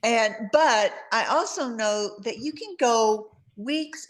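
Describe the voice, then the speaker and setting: A woman's voice: on the high side, takes it slowly. Woman, Southern drawl, guest on a casual group call, chatty storyteller. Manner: chatty storytelling, easy laughs. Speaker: guest distributor. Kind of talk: casual video-call chat.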